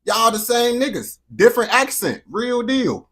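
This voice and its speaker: An American man hosting a reaction video, talking in a slangy, profane, animated way. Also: extremely high pitch, unhurried. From United States. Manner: slangy, animated, swears constantly. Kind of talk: profane casual reaction commentary.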